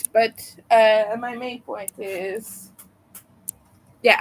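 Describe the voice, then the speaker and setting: A woman with a Quebec French accent chats on a live stream at an unhurried, drawn-out pace. Her voice sits somewhat high for a woman, and she wanders through her thoughts with frequent ums and uhs. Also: a bit bright, no room sound. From Quebec, Canada. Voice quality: meandering, hesitant delivery full of fillers. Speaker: livestreamer. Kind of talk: casual live-stream chat.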